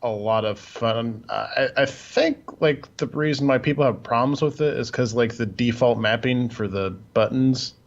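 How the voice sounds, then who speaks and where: A man's voice: mid-range voice, moderate pace, hardly any pauses. Man rambling casually over muffled audio. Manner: loose, rambling, swears freely. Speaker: podcast co-host. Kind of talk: casual chat.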